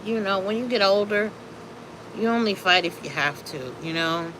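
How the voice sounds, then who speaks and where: A woman chatting casually on a live stream, telling a story with animated energy and greeting her chat viewers. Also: medium pitch, moderate pace, background noise.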